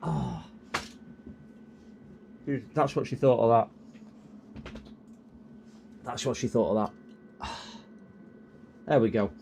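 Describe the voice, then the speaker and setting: A man's voice: mid-range voice, very animated, extremely slow, pauses often, mellow, a little hiss or hum. A man who streams himself repairing electronics, chatting casually and rambling off on tangents while he solders. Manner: rambling, chatty, easily sidetracked.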